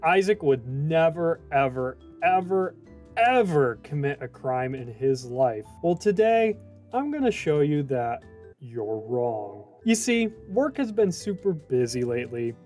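A young man casually commenting on a video game as a channel host. He is chatty and jokey, and he swings from loud bursts to mumbling. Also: on the high side, very animated, a little slow, faint music behind. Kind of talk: casual let's play commentary.

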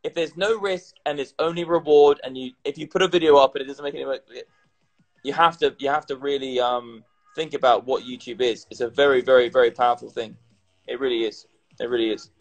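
A man chatting casually on a livestream, tipsy and animated, swearing and repeating himself as he talks. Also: medium pitch, brisk, soft background music, rough recording. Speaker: crypto content creator.

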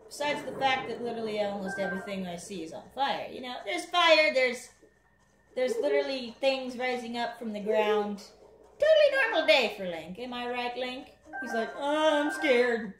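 A woman's voice: on the high side, sing-song, moderate pace, background noise. A woman casually commentating her gameplay at home, rambling and chatting with the game as she plays. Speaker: gaming channel host. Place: home room. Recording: echoey room with game music. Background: game music.

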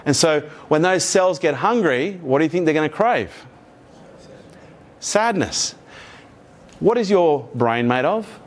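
A man's voice: on the high side, expressive, a little slow, long pauses. A man giving a live motivational keynote to an audience, swearing freely and acting out quoted voices. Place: conference room with live audience.

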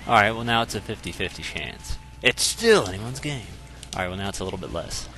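A man with a deep, bright-toned voice trades jokes with friends over a video game. His delivery swings up and down with energy, full of laughter and cursing. Game music plays faintly underneath. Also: sing-song, fairly quick. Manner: joking, swears freely, laughs often. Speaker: gaming commentator. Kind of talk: casual gaming banter.

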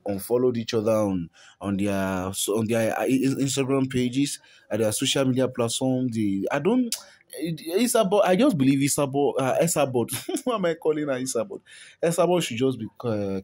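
A man's voice: lowish voice, darkish tone. A man with a Nigerian accent hosting a celebrity gossip vlog, talking casually, repeating and stumbling over words and chuckling often. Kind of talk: chatty celebrity gossip commentary.

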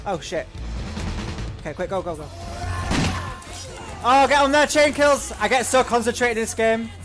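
A high-pitched man narrates his gameplay with a wildly swinging, animated voice. He is excitable, swears often and mutters to himself as he plays. Catchy game music plays clearly behind him. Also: normal speed. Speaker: gaming channel host. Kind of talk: let's play commentary. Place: at home wearing headphones.

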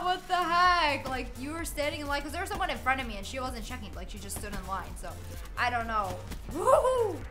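A young woman streamer rambles through a story while she plays, breaking off to curse at the game and laugh. Her voice sits high and bright. Faint music plays underneath. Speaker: gaming streamer. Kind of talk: casual storytelling while playing.

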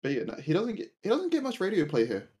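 A man's voice: high voice, wildly swooping pitch, fast talker, darkish tone. Laid-back guy on a call. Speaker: friend on a call. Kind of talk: casual chat.

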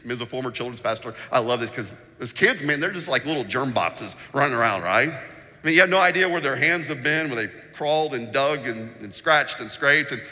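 A man preaching a sermon as pastor, telling stories with animated energy and acting out the voices in them. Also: medium pitch. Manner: animated storytelling, acts out quotes; sings snippets of a children's song. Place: church sanctuary. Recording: long reverb in a church hall.

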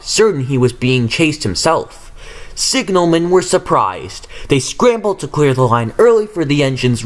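A man narrates a storybook tale with a dramatic, expressive delivery. His pitch rises and falls widely as he builds tension, while his voice itself stays at a middle pitch.

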